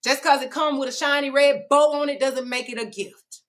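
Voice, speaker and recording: A woman delivers a preachy spiritual vlog monologue with sass and a direct, confrontational bite. Her voice sits somewhat high and sounds bright and forceful. She leans on slang and repeats her key lines for emphasis. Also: fairly even intonation, moderate pace, poor audio. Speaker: self-described spiritual teacher.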